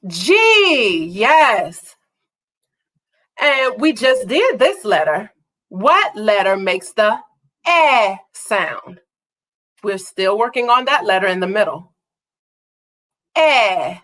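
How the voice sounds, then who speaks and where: A woman teaching an online phonics lesson to young children, speaking slowly and praising every answer. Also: mid-range voice, big pitch swings, sharp tone. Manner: slow, drawn-out and encouraging, praising each answer.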